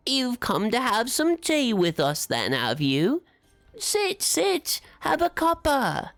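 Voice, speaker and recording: A tiny tea-drinking caterpillar worm chatters in a squeaky, sing-song voice, put on by a woman running a tabletop game. It drawls each homely offer slowly and warmly, with soft music under the talk. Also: wildly swooping pitch, vocal fry, no room sound, exaggerated voice. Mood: chatty, hospitable. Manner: cozy, folksy hosting tone.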